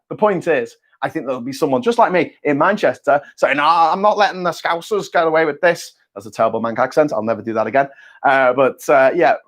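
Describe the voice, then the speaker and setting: A man with a somewhat high voice talks through news and politics on his own. He rambles, cracks jokes at his own expense and stumbles into restarts and repeats. He swears now and then in a loose, casual way. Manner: rambling and jokey, self-mocking asides, swears casually; frequent restarts and stammered repeats. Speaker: vlogger.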